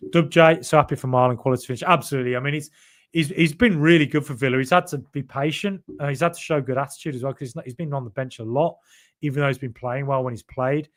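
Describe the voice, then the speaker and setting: A man's voice: mid-range voice, fast talker. A middle-aged man hosting a casual podcast stream, reading viewer comments and chatting loosely with repeated words and jokey asides. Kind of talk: casual live-stream chat.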